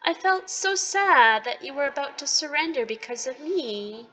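A woman reading aloud the lines of a gentle, devoted female cat spirit from a game, softly and tenderly. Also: sits high, expressive, moderate pace, faint music behind, poor audio.

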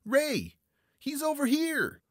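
A man's voice: mid-range voice, wildly swooping pitch, unhurried, husky, no echo, clean studio sound, voice pushed up, heavily acted. A man voicing a frightened young male thug, tense and defiant in an audiobook. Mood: panicked.

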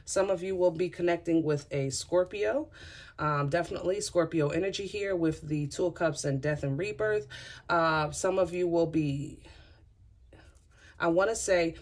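A woman's voice: lowish voice, measured pace, darkish tone. Chatty, effusive woman tarot reader. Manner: chatty and effusive, rambling asides; addresses listeners directly and often. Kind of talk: casual tarot reading to viewers.

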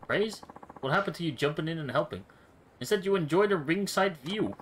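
A blunt, worn-out fighter, read out by a man who meets nonsense with dry sarcasm. His pitch leaps up and down in disbelief. His manner stays plain and unimpressed. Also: expressive, a little fast, slight background noise, close to an everyday voice. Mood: sarcastic. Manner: sarcastic, incredulous. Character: blunt, exasperated male fighter.

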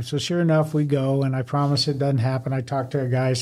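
A man's voice: medium pitch, fast talker, hardly any pauses. A man who was a fire captain, telling a workplace story in a casual podcast chat and acting out the voices of the people in it. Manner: animated storyteller who acts out quoted dialogue.

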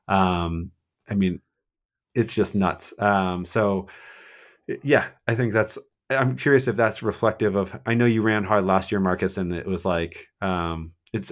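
A man on a podcast telling running stories in a casual, animated way, acting out quotes with lots of fillers. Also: deep voice. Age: adult with a child. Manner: animated storyteller, acts out quotes, many fillers. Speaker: guest marathon runner.

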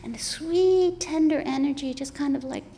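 A woman's voice: high-pitched, moderate pace, slight background noise. A woman in her sixties, an author guest, telling a personal story in an earnest, reflective conversational way. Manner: earnest and reflective, drops to soft breathy asides.

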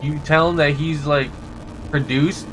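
A young man streaming a first playthrough of a game, reacting with excited, slangy exclamations. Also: on the high side, unhurried, music in the background. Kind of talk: let's play reactions.

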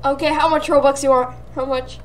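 A young woman giving excitable gameplay commentary, often squealing and laughing as she plays. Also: sits high, fairly quick. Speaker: gaming channel host.

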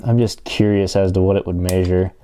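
A man casually narrating an electronics teardown, thinking aloud with frequent fillers and pauses. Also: low-pitched, fairly even intonation, noisy background. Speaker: electronics hobbyist vlogger.

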